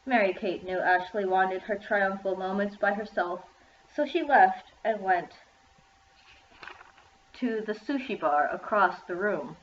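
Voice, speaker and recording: A woman's voice: medium pitch, measured pace, slight background noise. A woman reading her own children's story aloud in a plain manner. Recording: echoey room, dull lo-fi sound.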